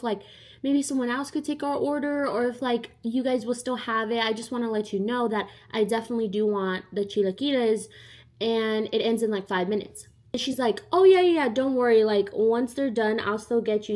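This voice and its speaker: A young woman, her voice sitting a little high. She tells a storytime in a loose, chatty way. She keeps slipping into the voices of the people in her story. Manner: chatty and animated, acting out the other people in the story. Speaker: vlogger. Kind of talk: casual storytime.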